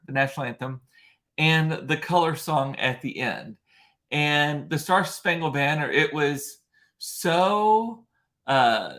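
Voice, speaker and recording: In a casual vlog chat, a male vlogger with a voice on the high side and a fairly bright tone rambles through a gossipy story. He fills it with campy asides and mocking impressions.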